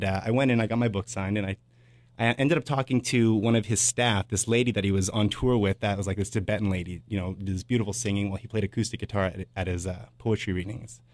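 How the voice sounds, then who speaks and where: A low-pitched man in his thirties hosting a radio show, spinning a loose, rambling anecdote between songs. He talks casually and leans on filler words as he goes. The sound is dry and close, with no room around it. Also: dry recording. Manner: rambling and anecdotal, full of "uh" and "blah, blah". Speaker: radio host. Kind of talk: casual on-air storytelling.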